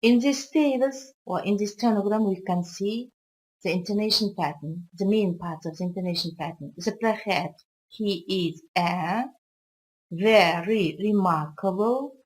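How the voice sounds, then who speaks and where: A woman with a Kazakh accent, a college English teacher whose first language is Kazakh, explaining intonation slowly and carefully in a recorded video lesson. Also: mid-range voice, darkish tone, poor audio. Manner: slow, careful explanatory delivery with occasional restarts.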